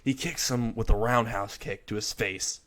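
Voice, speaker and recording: A man's voice: lowish voice, fairly even intonation, moderate pace, a bit bright. A man casually retelling a fan story, narrating in a rambling way with chuckles.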